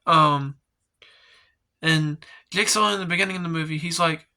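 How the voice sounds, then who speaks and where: A man's voice: on the high side, moderate pace, pauses often, bright, forceful tone. A man giving a casual, rambling movie review, full of filler words and swearing, sounding exasperated as he rants. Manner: exasperated, ranting. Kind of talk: casual spoken film review.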